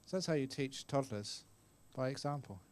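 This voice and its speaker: An older man gives a relaxed, story-filled Buddhist talk at a retreat. He chats with his listeners and now and then acts out voices in the stories he tells. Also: medium pitch, moderate pace. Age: 60s. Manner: chatty storyteller, acts out voices, laughs often. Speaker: Buddhist monk teacher. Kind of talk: dharma talk answering questions. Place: meditation retreat hall.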